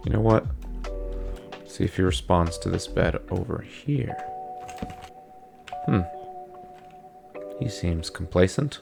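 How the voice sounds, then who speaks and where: Very gravelly low-voiced man gaming. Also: takes it slowly, long pauses. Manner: chatty, talks to game characters. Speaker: let's play host. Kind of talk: casual gameplay commentary. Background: faint background music.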